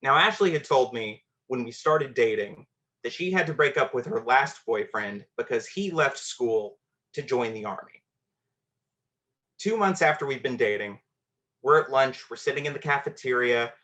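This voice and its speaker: A man's voice: medium pitch, sharp tone. Conversational male storyteller. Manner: conversational, self-deprecating, with filler words. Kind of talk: personal storytelling on a live show.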